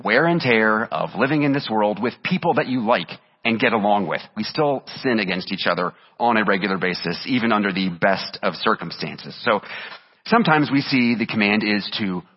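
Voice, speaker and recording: A man's voice: on the low side, animated, moderate pace, slightly rough, in a large hall, highs cut off. A man preaching a sermon as pastor, reading scripture aloud with earnest emphasis.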